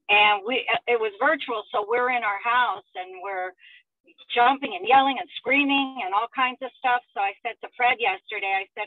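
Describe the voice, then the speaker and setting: A woman's voice: fairly high pitch, dry recording. An earnest, emotional woman describes what she went through to her coaching group. She sounds dry and tinny, like she is coming through a phone line. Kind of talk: sharing a personal experience. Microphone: phone call.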